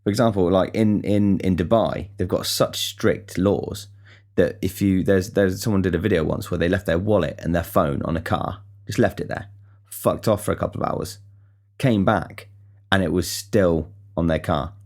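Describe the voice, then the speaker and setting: Low-voiced and darkish in tone, a young Englishman from the talks hosts a podcast at a moderate pace. His monologue is made of rambling casual stories, free swearing and frequent stumbles and restarts.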